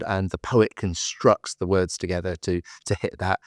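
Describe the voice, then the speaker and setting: A man's voice: deep voice, fairly even intonation, normal speed, no echo, studio quality. A man hosting a podcast, thoughtfully building his points and often repeating words as he goes. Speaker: podcast host. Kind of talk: explanatory podcast conversation.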